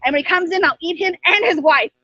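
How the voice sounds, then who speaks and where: A woman voicing a hungry, easily fooled male lion, booming and drawn out. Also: fast talker, bright, forceful tone, dry recording. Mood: gloating. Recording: dull lo-fi stream audio.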